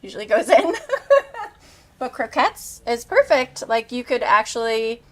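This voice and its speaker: A woman's voice: fairly high pitch, animated, unhurried, rough recording. Casual, enthusiastic cooking host; woman in her thirties tasting and describing food. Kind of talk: casual cooking show chat.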